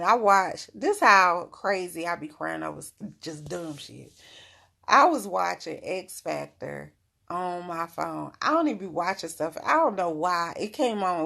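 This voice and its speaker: Frank, motherly middle-aged woman hosting a casual advice livestream; low, heavily gravelly voice. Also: normal speed, sharp tone. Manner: frank, motherly, laughing often. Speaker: spiritual advice host.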